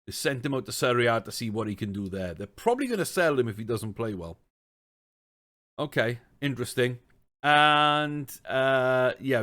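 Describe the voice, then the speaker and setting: A man's voice: medium pitch, a bit bright. Chatty man ranting over a game. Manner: chatty, exasperated rants, thinks aloud. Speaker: gaming streamer. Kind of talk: casual let's-play commentary.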